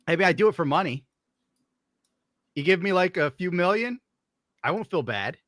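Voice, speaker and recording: A man's voice: high-pitched, expressive, normal speed, a bit bright, dry recording. A man on a live stream, mocking and swearing in casual chat, into a close mic.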